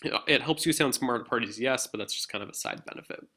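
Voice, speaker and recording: Casting: male lecturer, mid-range voice, relaxed and explanatory, peppered with ums. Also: medium pitch, fast talker, breathy edge. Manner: casual and explanatory, many filler ums. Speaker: literature instructor. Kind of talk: recorded lecture.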